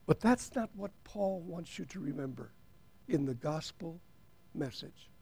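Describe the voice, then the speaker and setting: A man preaching a sermon to his congregation, emphatic, drawing out key words and swinging between soft asides and loud declarations. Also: on the high side, expressive, unhurried, vocal fry, slightly rough. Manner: argues with an imagined doubter in rhetorical questions.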